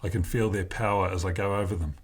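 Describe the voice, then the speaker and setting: A man with a husky voice reading a first-person novel aloud in a slow, deliberate way. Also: low voice, fairly even intonation. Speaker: narrator.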